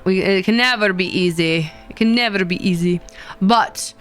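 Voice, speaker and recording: A woman's voice: mid-range voice, normal speed, fairly bright tone, faint music behind. A woman streamer casually chatting with her viewers in a playful, rambling way, often laughing and repeating herself. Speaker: VTuber streamer.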